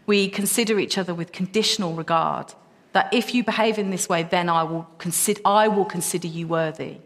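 A woman's voice: lowish voice, brisk. A woman preaching a sermon, passionate and emphatic, her voice rising into repeated questions. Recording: long reverb of a hall.

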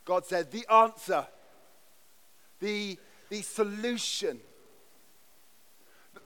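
A man's voice: sits high, fairly bright tone. A man preaching a sermon in a church, earnest and emphatic, often restarting his words. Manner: earnest, emphatic delivery with frequent stammered restarts. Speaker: pastor.

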